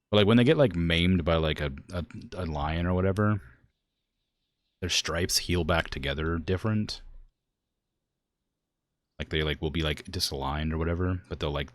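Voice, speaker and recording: Low-voiced rambling male streamer. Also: no echo. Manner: rambling, talks to the animals, many "like" fillers; tired, yawning. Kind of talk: casual game commentary.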